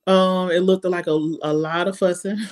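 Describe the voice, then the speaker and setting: A woman's voice: fairly low pitch, fairly even intonation, moderate pace, darkish tone, a little hiss or hum. A woman from Alabama with a Southern US accent, a podcast guest talking in casual conversation, blunt and emphatic, repeating words as she builds a point.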